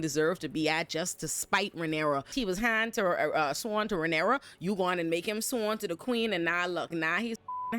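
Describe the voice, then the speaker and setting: A woman hosting a casual TV recap, talking in a brash, profane, slangy and animated way. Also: on the low side. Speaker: show recap host.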